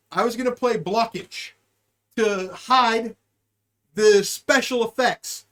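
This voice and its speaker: A man hosting a live show, telling a story in a loose, profane way, speeding up and then drawing his words out. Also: very high-pitched. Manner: animated, profane, swings between quick and drawn-out. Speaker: podcast host. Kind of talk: casual storytelling.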